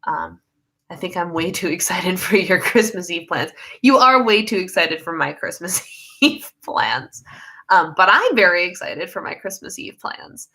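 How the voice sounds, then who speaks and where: A young woman hosts a relaxed livestream from home. Her voice is bright and a little low-pitched, and she rambles freely, often laughing in the middle of a sentence. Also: a little slow. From United States. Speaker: livestream host reading viewer comments. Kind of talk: casual live chat.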